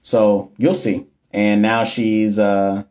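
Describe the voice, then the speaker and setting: A man with a slightly low voice talks casually into his phone during a livestream. He is a nurse and coach who rambles in a loose, slangy way, cracking jokes and filling gaps with "like" and "you know.". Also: little pitch movement, slow, a little mellow. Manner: loose, slangy and joking, with many fillers and repeats. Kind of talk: casual livestream chat with viewers.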